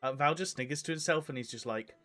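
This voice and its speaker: Man player, mid-pitched, easygoing. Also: fast, a bit bright, faint music behind. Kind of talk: casual tabletop play.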